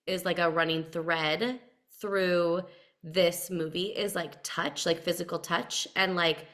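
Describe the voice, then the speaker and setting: A woman's voice: lowish voice, steady tone, slow, a bit bright. A woman co-hosting a podcast, chatting casually about a film and filling her sentences with "like". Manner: chatty, leans on "like" as a filler. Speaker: podcast co-host.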